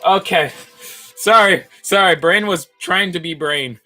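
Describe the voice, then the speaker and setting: Slow, bright-voiced playful man. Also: high-pitched, soft background music. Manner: playful, rambling, self-mocking, thinks aloud. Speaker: livestreamer building brick models. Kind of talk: casual livestream chatter.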